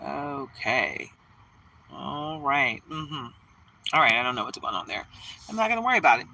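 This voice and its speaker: A woman's voice: a bass voice, animated, moderate pace, sharp tone, slight background noise, low-quality recording. A woman from Detroit, Michigan hosting a live tarot stream, chatting bubbly and greeting viewers by name. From Detroit, Michigan, USA. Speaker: livestream tarot reader. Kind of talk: casual livestream chat.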